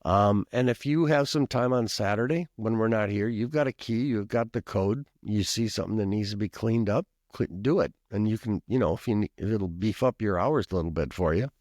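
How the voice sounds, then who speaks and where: Low-voiced man from Minnesota telling stories. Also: a little fast, hardly any pauses, a little mellow, dry recording, studio quality. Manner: rambling, with frequent coughs and asides. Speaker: pastor and professor, podcast guest. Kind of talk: conversational storytelling.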